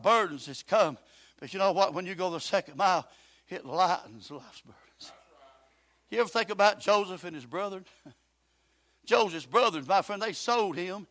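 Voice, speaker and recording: Older preacher, high bright voice, impassioned, moves from quiet to shouting. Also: male voice, lively intonation, moderate pace, dry recording. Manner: impassioned, swings from soft talk to shouting. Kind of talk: sermon.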